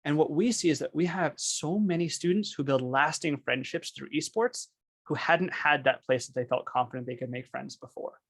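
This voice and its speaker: A man's voice: a little high, moderate pace. Upbeat man presenting on a webinar. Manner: enthusiastic, storytelling. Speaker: esports program presenter.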